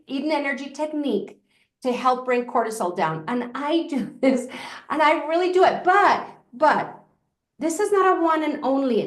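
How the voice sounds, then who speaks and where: A woman guest teaching an energy technique, talking listeners through it step by step in a calm, reassuring way, often dropping to a soft murmur. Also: high-pitched. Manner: soothing, reassuring, slows to a soft murmur when guiding. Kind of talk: instructional demonstration. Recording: echoey room.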